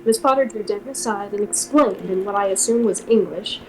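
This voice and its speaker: A woman's voice: medium pitch, a little fast, darkish tone, slight background noise, poor audio. A woman streamer reads a novel aloud at her microphone and breaks off now and then with wry asides. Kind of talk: casual reading aloud on a livestream.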